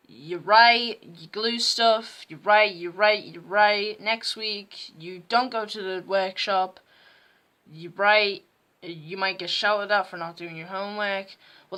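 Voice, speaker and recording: A teenage girl vlogs at home, telling rambling, self-mocking stories to camera in a casual storytime chat. Her medium-pitched voice is bright with a forceful tone.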